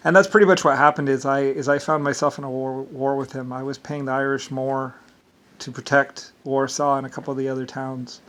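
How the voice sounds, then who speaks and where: Guy rambling on, blunt and crude, keeps repeating himself and restarting, normal pitch. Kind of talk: rambling monologue.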